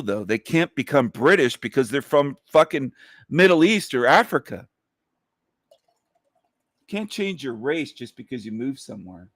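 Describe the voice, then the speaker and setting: Man, livestream host, emphatic profane rant, repetitive, mid pitch, dry close sound. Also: no echo.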